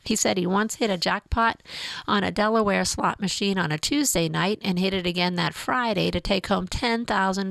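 A woman reading a news feature aloud in a measured, even way. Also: medium pitch, vocal fry, dry recording. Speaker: narrator.

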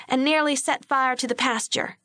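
A woman's voice: high-pitched, steady tone, normal speed, bright, forceful tone, no room sound, clean studio sound, voice pushed up. A woman doing a worried ranch wife. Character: worried middle-aged ranch wife and mother.

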